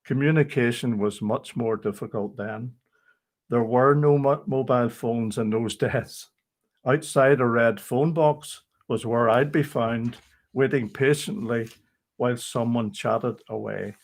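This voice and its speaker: An older man reading a rhyming memoir aloud, steady and measured, with brief chat. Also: medium pitch.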